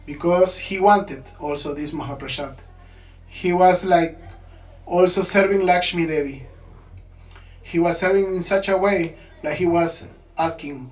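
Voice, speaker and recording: Brief: male devotional storyteller, lively retelling, slightly high voice, mic placed far off. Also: measured pace. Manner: animated retelling, frequent "you know".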